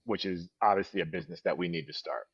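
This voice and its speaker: A man's voice: deep voice, quick pace, creaky, husky, no room sound, dull audio. A man co-hosting a podcast in casual chat, rambling and correcting himself. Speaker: podcast co-host.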